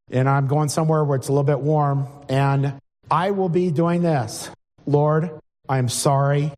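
A man's voice: fairly high pitch, darkish tone. A middle-aged man preaching an informal sermon to a congregation, reading scripture and asking the room plain questions. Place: church hall before a congregation. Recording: long hall reverb.

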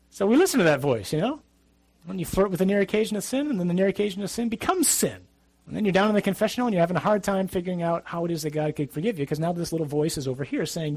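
Husky-voiced man preaching conversationally. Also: sits high, expressive, quick pace, dry recording. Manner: conversational, emphatic preaching with asides. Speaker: priest. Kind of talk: sermon.

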